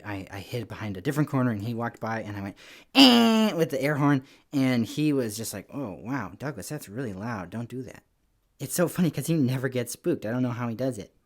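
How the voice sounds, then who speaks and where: A man giving a lively children's church lesson, telling stories in an animated, playful way with little voices. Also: mid-range voice. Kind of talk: lively kids' lesson talk.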